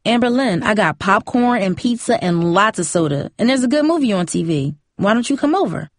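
A woman's voice: medium pitch, expressive, fairly quick, dry recording, studio quality, natural voice. A woman voicing a hurt, resentful teenage girl who pleads and mumbles sulkily. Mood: plain.

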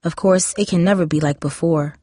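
A woman reading a novel aloud, voicing a guarded older teenage sister who speaks low, subdued and tired. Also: a little fast, warm tone, dry recording, clean studio sound, lightly acted.

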